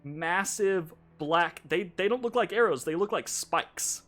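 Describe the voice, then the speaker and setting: Slow, lively-voiced man game master. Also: high-pitched, soft background music. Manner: chatty, laughing, lots of fillers and restarts. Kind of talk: narrating a tabletop game.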